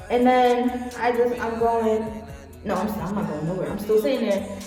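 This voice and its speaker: A woman's voice: a little high, moderate pace, dark tone. Young woman rambling in an echoey room. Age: young adult. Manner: rambling, filler-heavy, acts out quotes. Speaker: vlogger. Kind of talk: casual storytelling. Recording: echoey room, far from mic, faint music.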